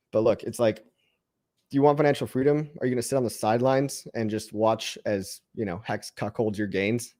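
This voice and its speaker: A man's voice: lowish voice, a little mellow. A man hosting a livestream and answering chat questions in a casual, upbeat pep talk that rambles and restarts words. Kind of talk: casual motivational rant.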